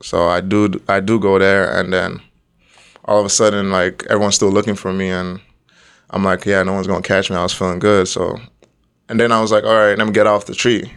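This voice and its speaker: A man's voice: sits low, flat delivery, fairly quick, a bit bright, smooth. A young man from Nigeria, the guest, telling a story in casual chat and laughing often along the way.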